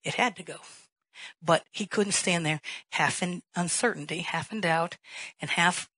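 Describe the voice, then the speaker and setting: A woman's voice: on the low side, a little slow, fairly bright tone, husky, no room sound, rough recording. A woman pastor preaching a sermon in an emphatic way, firing rhetorical questions and rising to a raised voice.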